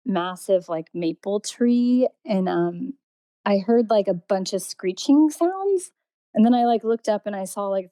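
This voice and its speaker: A woman's voice: medium pitch, dark tone, no echo. A woman from Indiana telling stories about her life and art in a loose, rambling way, full of restarts and laughs. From Indiana, USA. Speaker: artist interviewee. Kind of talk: casual storytelling.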